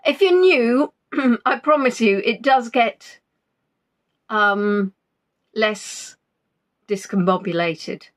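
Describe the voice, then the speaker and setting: A woman's voice: a little high, slow, pauses often. A woman hosts a live stream from home in a loose, rambling chat. She pokes fun at herself as she goes, and she still sounds not quite over an illness. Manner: chatty, rambling, self-deprecating. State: not fully recovered from illness. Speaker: livestream host.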